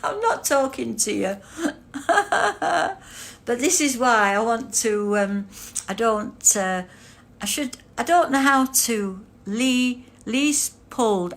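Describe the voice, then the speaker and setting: A woman's voice: high-pitched, animated, takes it slowly, a bit bright. An older woman chatting casually on a livestream, reading out chat comments and laughing constantly. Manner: giggly, breaks into frequent laughter.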